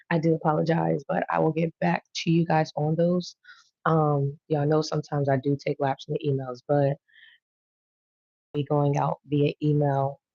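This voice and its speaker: A woman's voice: sits low, creaky, warm tone, no room sound. A woman hosting a tarot-reading live stream in an easygoing, casual way, often repeating her greetings and thanks. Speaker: tarot reader and channel host. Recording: slightly dull lo-fi sound.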